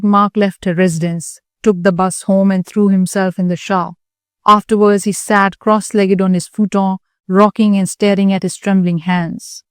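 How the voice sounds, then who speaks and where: Smooth-voiced woman narrating a story. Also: medium pitch, dry recording, studio quality. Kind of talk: scripted narration.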